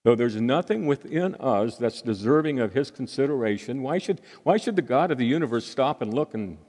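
A man preaching a sermon as pastor, earnest and unhurried, with pauses between phrases. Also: mid-range voice, animated, darkish tone. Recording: hall reverb.

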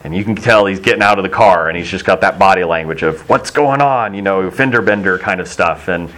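A man's voice: sits low, fast, bright, forceful tone. A middle-aged man from Texas preaching a sermon in a conversational, storytelling way, acting out the voices he quotes.

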